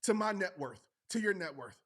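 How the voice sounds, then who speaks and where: A man's voice: high voice, lively intonation, fairly quick, fairly bright tone. A man giving a motivational speech, earnest and emphatic, repeating phrases for effect and urging the listener directly. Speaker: motivational speaker.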